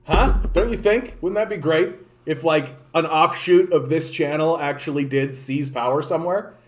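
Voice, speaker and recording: A man's voice: fairly high pitch, moderate pace. A man giving casual, rambling political commentary on a livestream, swearing freely and filling his talk with "like" and restarts. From Canada. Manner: rambling, profane, many "like" fillers and restarts. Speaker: political streamer.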